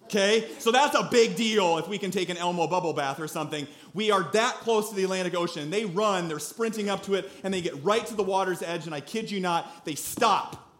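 A high-voiced male pastor preaching in a church. He tells stories with animation and bursts into loud acted-out quotes. His delivery is casual and lively. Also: a little fast. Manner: animated storyteller, acts out quotes loudly. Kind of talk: sermon with a personal story.

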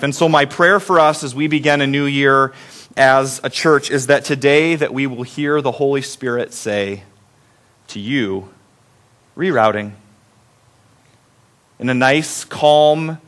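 A man's voice: a little high, steady tone, measured pace, a bit bright. A middle-aged man, a pastor, preaching a conversational sermon in a church, joking at his own expense and putting questions to the congregation. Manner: conversational, self-deprecating, asks the congregation questions. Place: church sanctuary.

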